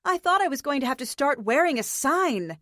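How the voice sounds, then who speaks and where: A fiery, sharp-tongued young woman who snaps and scolds, played by a woman narrator pitching her voice up. Her voice sits high and forceful, and the recording is dry and close. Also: very animated, moderate pace, no echo. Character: fiery young woman, exasperated love interest.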